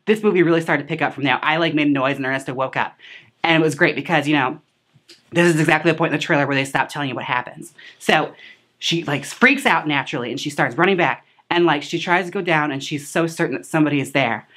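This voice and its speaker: A woman's voice: sits low, quick pace, fairly bright tone. A woman hosting a casual movie recap, chatty and sassy, full of filler words and side remarks. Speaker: host reviewing a film.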